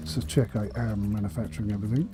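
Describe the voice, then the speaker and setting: A man's voice: fairly low pitch, steady tone, fast talker, music in the background. A man streaming a management game for charity, thinking aloud with dry asides and a slightly tickly throat. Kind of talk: casual charity livestream commentary.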